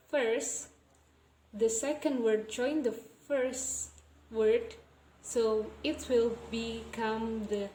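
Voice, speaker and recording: A young woman with an Indonesian accent explains sound changes in English at a slow, careful pace. Her voice is soft and mellow, and she says each example word more than once. The recording has a noticeable room echo. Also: fairly high pitch, a little hiss or hum. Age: young adult. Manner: repeats example words slowly to demonstrate sounds. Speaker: student presenter. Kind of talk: recorded class presentation on phonology.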